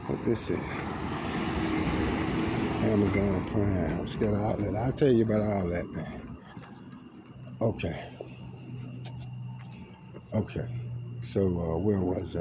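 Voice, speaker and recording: A man tells a rambling, profane, paranoid story outdoors, swinging between loud outbursts and low mutters. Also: creaky, background noise. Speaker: vlogger. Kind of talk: agitated personal storytelling to camera. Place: outdoors among trees.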